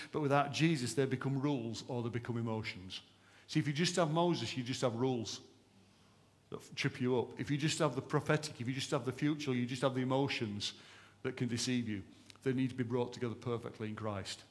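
A male pastor delivers a sermon to his church with a voice of ordinary middle pitch. His preaching is impassioned, pushing hard on key lines before sinking to a hushed, earnest tone. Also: steady tone, brisk. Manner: impassioned, emphatic preaching that swings from loud to hushed. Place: church service.

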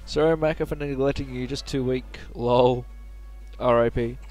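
A man's voice: mid-range voice, fairly even intonation, normal speed, a little mellow, soft background music. A man giving casual, joking let's play commentary, chatty and muttering to himself.

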